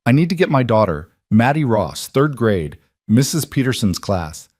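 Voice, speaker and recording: A man's voice: medium pitch, big pitch swings, normal speed, a little mellow, no room sound, clean studio sound. A man voicing an emotional single father in a narrated story, earnest and pleading.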